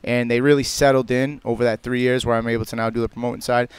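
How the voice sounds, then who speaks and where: Quick, smooth-voiced fighter. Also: male voice, medium pitch, level tone, dry recording. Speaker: guest fighter. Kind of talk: casual radio chat.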